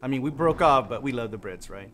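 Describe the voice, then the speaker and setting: A man hosting a casual gaming playthrough, chatting as he plays and breaking into sudden high yelps. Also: fast talker, a little hiss or hum. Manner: chatty, animated, bursts into high yelps and shouts. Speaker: gaming channel host. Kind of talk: casual let's-play commentary.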